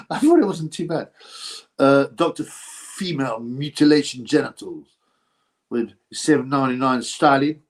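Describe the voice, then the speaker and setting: A man hosting a casual livestream, thinking out loud as he talks. His pitch sits right in the middle range for a man. He drifts from point to point, breaks off mid-sentence and turns to greet viewers in the chat. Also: expressive, normal speed, pauses often. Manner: meandering, gossipy, asks himself questions and restarts often. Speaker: boxing channel host. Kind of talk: rambling livestream chat, answering viewer comments.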